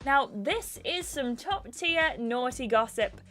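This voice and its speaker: A woman reading game dialogue aloud as a bubbly, starstruck young female VIP host with gushing, excitable fangirl chatter. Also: high voice, slow pace, heavily acted. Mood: gossipy.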